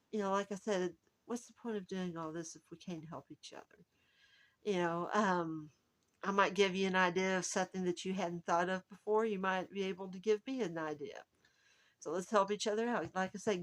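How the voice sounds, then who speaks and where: A woman's voice: mid-range voice, a bit bright. A woman hosting her own video channel, talking casually and rambling with lots of fillers and restarts. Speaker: genealogy channel host. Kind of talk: casual chat to viewers.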